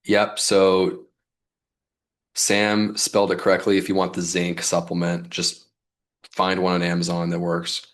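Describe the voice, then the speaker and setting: A man's voice: low-pitched, completely flat delivery, a little slow. A man coaching his audience in a casual livestream, loose and fired up, peppering his talk with "like" and mild swearing. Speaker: business coach.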